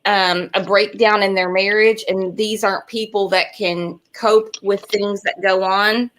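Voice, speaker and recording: Brief: woman host, mid-pitched, blunt, hammers points by repeating. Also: fairly even intonation, unhurried, hardly any pauses, a bit bright. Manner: blunt, emphatic, repeats herself. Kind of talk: casual chat.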